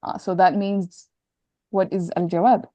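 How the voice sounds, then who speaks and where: A woman's voice: on the low side, little pitch movement, measured pace, dark tone, no echo. A woman teaching an online grammar lesson, explaining step by step and patiently repeating the key points.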